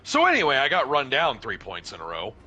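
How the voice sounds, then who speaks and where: A man telling a profane, animated paintball story in casual chat, acting out what people said. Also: mid-range voice, brisk, highs cut off. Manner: profane, animated, acts out dialogue.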